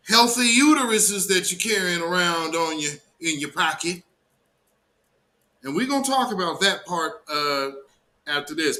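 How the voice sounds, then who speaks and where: A man's voice: high voice, bright, forceful tone. A man hosting a livestream, reacting to a clip with an emphatic, indignant rant full of slang. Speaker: commentary show host.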